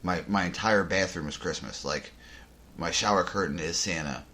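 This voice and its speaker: Man, very low voice, casual podcast chat, rambling, deadpan jokes. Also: normal speed. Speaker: podcast host. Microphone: headphones and desk mic.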